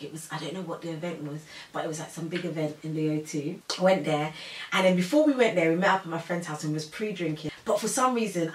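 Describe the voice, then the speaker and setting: A young woman tells her story in a casual, animated way, slipping into other people's voices and laughing often. Her voice sits a little low. The room is echoey, and the mic is some distance from her. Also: slight background noise. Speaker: co-host telling her pregnancy story. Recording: roomy sound from a distant mic.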